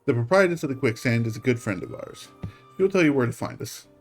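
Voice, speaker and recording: A man's voice: medium pitch, lively intonation, fast, gravelly. A man voicing a formal, earnest envoy of a secret order in a game, reading with a stately, courteous delivery over faint music.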